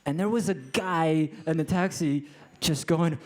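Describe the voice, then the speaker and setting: A young man doing a stand-up comedy set, self-mocking and animated, tripping over his words and restarting often. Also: fairly high pitch, measured pace.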